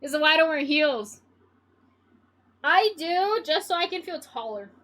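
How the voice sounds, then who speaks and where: A young woman chats loosely with her stream audience, rambling from one thought to the next and breaking into giggles. Her voice sits high and has a bright, forward edge. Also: lively intonation, a little slow. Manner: rambling and giggly, chatting with viewers. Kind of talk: casual stream chat.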